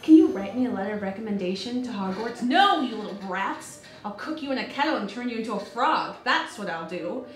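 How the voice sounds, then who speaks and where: A woman doing a cranky witch with a fairly high, snappy voice and a sarcastic bite. The room is echoey, with faint music behind. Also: lively intonation, a little fast, few pauses, lightly acted. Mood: grumpy. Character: grumpy, sharp-tongued woman witch.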